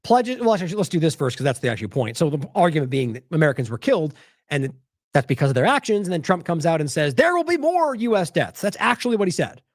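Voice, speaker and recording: Male commentator, fairly high voice with wide swings, sarcastic, dry close mic. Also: fast talker, dry recording. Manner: animated, sarcastic, mocks quotes in exaggerated voices; talks in bursts with restarts while scrolling sources. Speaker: independent news commentator. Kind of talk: solo news commentary.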